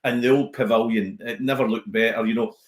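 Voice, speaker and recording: A Scottish man, a comedian, chatting casually on a podcast as an animated storyteller who slips into voices. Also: mid-range voice, brisk, echoey room. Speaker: comedian guest.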